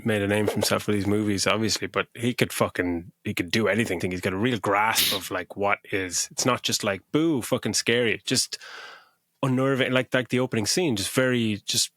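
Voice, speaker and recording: Low-voiced man, dry sound. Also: steady tone, a little fast, fairly bright tone, no room sound. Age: middle-aged. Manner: rambling, swears for emphasis. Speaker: podcast co-host. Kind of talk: casual film review chat.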